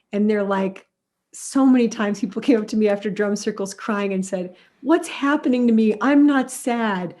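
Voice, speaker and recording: A middle-aged woman, a music therapist, talks through interview answers in an animated storytelling way. She drops into quick acted-out quotes of other people as she explains her ideas. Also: medium pitch.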